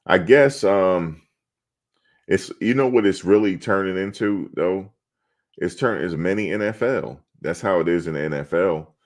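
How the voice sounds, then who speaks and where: A man's voice: deep voice, unhurried. A middle-aged man hosting a sports channel, chatting casually on a live stream and answering his chat in a blunt, streetwise way.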